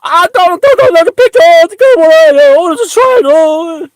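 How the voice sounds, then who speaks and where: A man mockingly voicing a terrified male conspiracy follower in a high squealing falsetto. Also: expressive, normal speed, no room sound. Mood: panicky.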